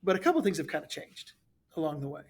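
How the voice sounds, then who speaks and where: Animated man co-hosting a history podcast. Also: a little high, fast. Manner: animated, repeats words while thinking. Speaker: podcast co-host, history teacher. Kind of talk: casual chat.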